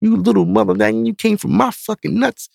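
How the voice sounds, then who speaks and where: A man's voice: high-pitched, a little fast, vocal fry, a little mellow, no room sound, clean studio sound, voice pushed up, full character voice. A man voicing his stern, strong middle-aged father in a blunt, threatening way. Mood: furious.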